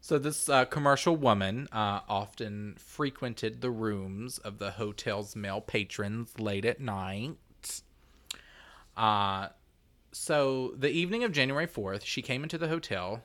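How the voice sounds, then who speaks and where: A man co-hosting a podcast, telling a true-crime story in a jokey, casual way with quick asides and frequent laughter. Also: medium pitch, pushed and bright.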